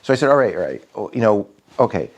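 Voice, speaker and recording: A man's voice: lowish voice, fast talker. A middle-aged man telling a rambling, casual story about his backyard, with many fillers and restarts. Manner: rambling, many fillers and restarts, animated when quoting others.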